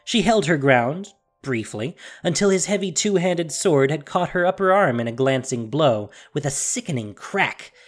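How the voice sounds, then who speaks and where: A narrator reading a fantasy story aloud in an expressive, dramatic storytelling manner. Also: mid-range voice, moderate pace, hardly any pauses, soft background music. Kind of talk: scripted audiobook narration.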